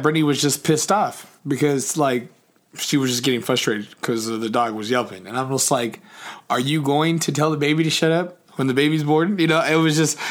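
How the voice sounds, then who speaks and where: A young man talking loosely to the camera, stacking ums and likes and restarting sentences as he goes. He swears freely and easily. His voice sits at an ordinary, middling pitch. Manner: rambling, swears freely, many fillers and restarts. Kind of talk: casual personal vlog chat.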